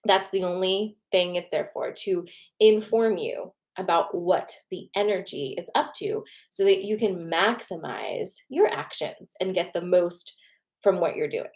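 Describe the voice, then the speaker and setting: A woman with a slightly low voice talks viewers through a casual card reading. She is chatty and encouraging and often checks in with "okay?" and "right?". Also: animated, a little slow, gravelly, a little mellow. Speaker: tarot card reader and host.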